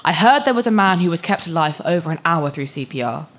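A woman reading aloud, voicing a scornful, sharp-tongued young woman. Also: fairly low pitch, lively intonation, quick pace.

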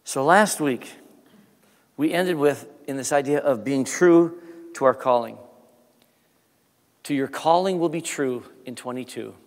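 A man, the pastor, preaching a sermon with rising emphasis and then leading a soft prayer. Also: medium pitch, a little slow, long pauses. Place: church sanctuary. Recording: long church reverb.

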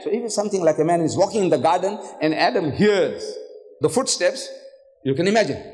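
An older man delivers a public lecture in a hotel hall, his fairly high voice swooping up and down as he acts out the voices in his stories. He fires off rhetorical questions at the crowd. His words ring with a long hall echo. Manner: animated storytelling with rhetorical questions; acts out voices in quoted dialogue. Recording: echoey hall reverb.

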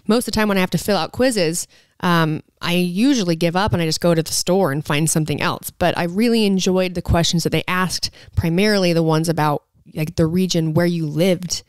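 A woman's voice: on the low side, brisk, smooth, no echo, studio quality. A woman hosting a casual podcast from a living room, teasing and blunt with frequent giggles. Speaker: podcast host. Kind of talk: casual chat and read ad. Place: living room at parents' house.

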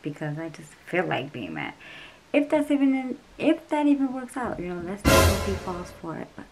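A woman's voice: mid-range voice, huge pitch swings, moderate pace, far from the mic. A woman in a casual prank vlog, stubbornly insisting she is mad at her partner in their bedroom. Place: bedroom at home. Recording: roomy, off-mic, music underneath.

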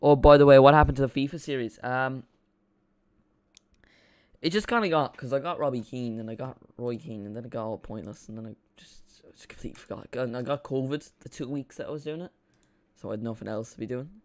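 A young Irish man chatting and rambling excitably through a live football watch-along stream. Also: mid-range voice, brisk.

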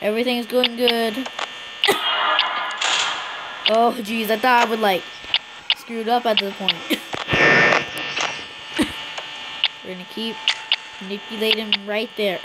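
A woman with a slightly high voice giving casual gameplay commentary at a slow, drawn-out pace. She is excitable, often laughing and coughing, and talks back to the characters on screen. A loud mains hum and clicks run under her close-mic recording. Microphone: close personal mic.

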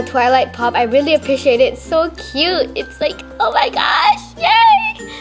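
A teenage girl from Malaysia, gushing excitedly as she unboxes fan mail at home. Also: high voice. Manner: gushing, excitable fangirling with many "oh my gosh". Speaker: vlogger.

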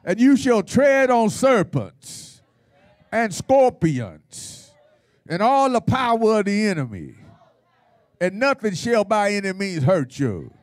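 A man pastor leads a Bible study in a folksy, teasing call-and-response style. His voice sits high and swoops all over the place. The sound is dry and close. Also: sing-song, takes it slowly, no echo. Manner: folksy, playful, call-and-response preaching with laughter.

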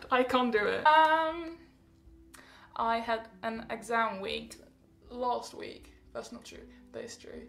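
A woman's voice: mid-range voice, creaky, reverberant. A teenage girl chatting casually in a rambling, bubbly update vlog, often laughing and correcting herself. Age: teens. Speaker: vlogger.

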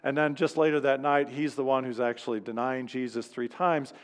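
A man's voice: medium pitch, fairly even intonation, fairly quick, big-room sound. A man preaching a sermon as pastor in a church, speaking conversationally and acting out quoted lines. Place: church sanctuary.

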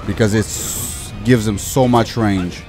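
A young man giving casual commentary over a video game he plays, chatty and quick to get annoyed. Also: lowish voice, steady tone, darkish tone, faint music behind. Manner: chatty, easily frustrated, swears mildly. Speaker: gaming youtuber.

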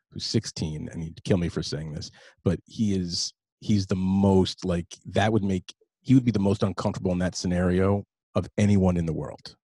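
Deep husky-voiced male podcast host. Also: a little mellow, no echo. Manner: enthusiastic, rambling questions. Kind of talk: casual interview chat. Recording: dry close studio sound.

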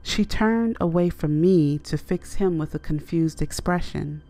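Slow, low-voiced woman narrating horror. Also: mellow, faint music behind.

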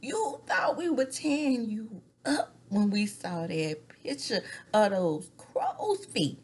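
A woman's voice: fairly high pitch, very animated, takes it slowly, darkish tone, breathy edge. A woman in her forties chatting casually through a reality-TV recap, gossipy, laughing often and dropping into whispers. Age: 40s. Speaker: recap vlogger.

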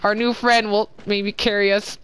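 A woman giving casual let's-play commentary, chatty and apologetic, quick to exclaim at what happens on screen. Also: mid-range voice, level tone, fairly bright tone, smooth. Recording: game music behind voice.

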